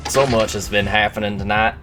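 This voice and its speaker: A man's voice: lowish voice, little pitch movement, a little fast, over music. A male streamer chatting casually with viewers in a put-on silly accent, reading chat messages aloud and rambling between them.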